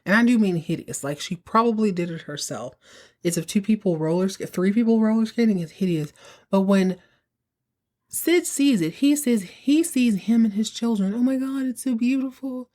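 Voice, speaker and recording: A woman hosts a podcast and recaps episodes in casual, chatty tones. She keeps things sassy, slipping in quick asides along the way. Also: mid-range voice, expressive, a little mellow. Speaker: podcast host.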